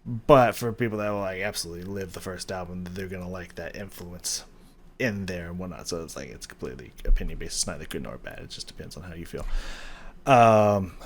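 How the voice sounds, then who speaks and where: Low-voiced man musing over a song. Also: brisk, slight background noise. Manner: hesitant, many fillers and restarts, hums rhythms aloud. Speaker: music reaction host. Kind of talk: casual music analysis.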